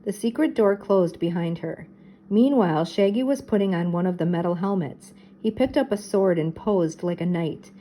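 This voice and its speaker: An older woman, a teacher, reading a children's mystery book aloud with steady, expressive narration. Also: on the low side, normal speed, slight background noise, poor audio.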